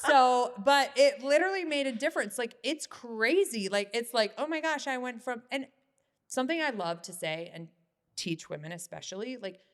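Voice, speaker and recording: A woman hosting a podcast in casual chat, candid and quick to laugh, swearing lightly as she goes. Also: on the high side, lively intonation. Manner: candid, laughs often, says freaking a lot. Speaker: podcast host.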